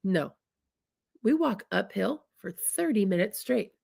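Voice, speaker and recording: A woman's voice: medium pitch, expressive, a little slow, vocal fry, a little mellow, slightly rough. A woman from the US Midwest telling a funny personal story in a chatty, comic way, often calling her listeners "y'all". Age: adult, married. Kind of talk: humorous storytelling talk.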